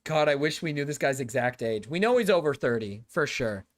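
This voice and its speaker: A woman's voice: very deep voice, expressive, a little fast. A woman streamer giving casual reaction commentary, rambling and profane, laughing often.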